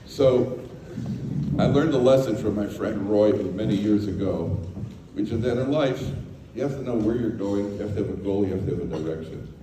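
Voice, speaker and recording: Speaking at normal speed in a fairly low pitch, the American rabbi tells stories in his Torah talk, breaking into jokes and acting out what characters say. He's before a live audience in a lecture hall; the recording is noisy, reverberant, and captured from a distance.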